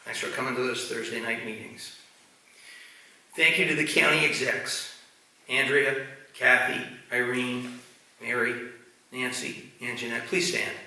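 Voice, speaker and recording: A man's voice: medium pitch, fairly even intonation, a little slow, pauses often, pushed and bright. A man, the new president of a medical society, giving a formal speech to delegates, joking and thanking colleagues. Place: large meeting hall. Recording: echoey hall, distant mic, crowd murmur.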